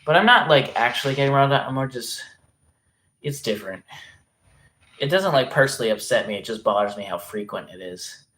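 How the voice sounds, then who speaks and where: Young male streamer, loose and rambly, regional accent, swears easy, mid-pitched. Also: lively intonation, fairly quick, a bit bright. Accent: regional dialect, place unstated. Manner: rambling, filler-heavy, swears casually. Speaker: livestream host. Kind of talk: casual live-stream chat.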